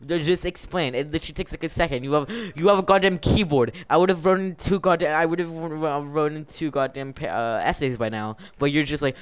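A man's voice: fairly high pitch, brisk, hardly any pauses, clean tone. A man live-streaming and running a game server, exasperated and scolding his players while laughing often. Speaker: livestreamer running a Minecraft server. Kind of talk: casual live-stream commentary.

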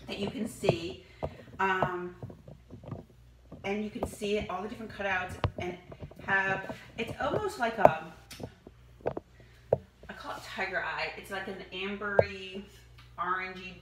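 A woman chatting enthusiastically as she shows off home decor products one by one. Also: medium pitch. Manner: enthusiastic, chatty, gushing over items. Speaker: product demonstrator. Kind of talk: casual product showcase. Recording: echoey room, distant mic, noisy.

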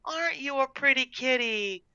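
A narrator putting on a soft little girl. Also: very animated, moderate pace, no room sound, muffled recording. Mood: coaxing. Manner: soft, pleading, raised pitch. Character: small frightened, gentle young girl.

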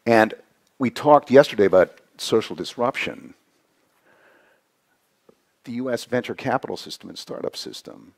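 A man giving a conversational conference talk, often ending points with a quick "right?". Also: on the low side. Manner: conversational, frequent "right?" tags. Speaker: conference speaker. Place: conference hall.

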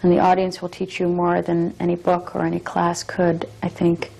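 A young adult actress speaking as an interview guest, thoughtful and measured, reflecting on her work. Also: on the low side, monotone, creaky, warm tone, rough recording.

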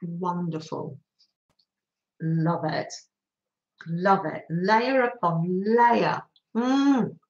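A woman's voice: lowish voice, very slow, pauses often, echoey room, dull audio. A middle-aged woman, hosting a chatty live craft stream and greeting her viewers cheerfully. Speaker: craft livestream host.

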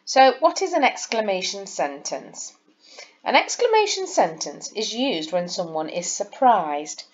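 A woman's voice: mid-range voice, sing-song, a little slow, highs cut off. A woman, a primary school teacher giving a recorded lesson and explaining patiently, step by step, to young children. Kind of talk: recorded lesson over slides.

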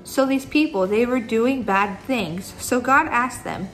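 A woman's voice: a little high, expressive, a little slow, faint music behind, low-quality recording. A young woman teaching a children's church lesson, chatty and upbeat, talking straight to the kids. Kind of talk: Bible story lesson for kids.

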